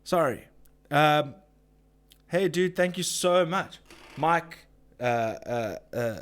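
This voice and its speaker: A man's voice: a little high, animated, takes it slowly, a bit bright. A man hosting a casual live chat, ranting with swearing and reading out viewer comments. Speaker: live-stream host.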